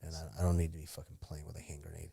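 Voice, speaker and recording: A man's voice: extremely low pitch, little pitch movement, rapid-fire, gravelly, dark tone, husky. A middle-aged man, a former fighter and podcast guest, telling stories in casual chat, swearing freely and laughing often. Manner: profane, storytelling, laughs often.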